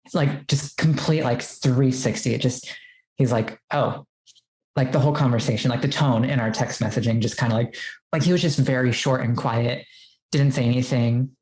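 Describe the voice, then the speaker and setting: A woman's voice: very deep voice, moderate pace, a little mellow, reverberant, low-quality recording. A woman as a podcast guest, telling a personal story in casual chat, full of "like" fillers and quoting what she said. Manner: chatty, many "like" fillers, quotes herself.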